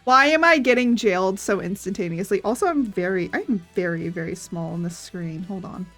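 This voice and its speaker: A woman's voice: medium pitch, normal speed, a bit bright. A woman chatting casually on her art livestream, rambling and giggling as she retells stories. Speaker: streaming artist. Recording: faint background music.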